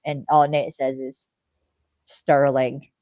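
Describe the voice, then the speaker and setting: Co-host for a fan podcast: mellow low-toned voice, dry close sound, loose rambling recap. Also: a little slow, dry recording. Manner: rambling, lots of fillers, acts out characters' lines. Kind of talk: casual chat recapping a TV episode.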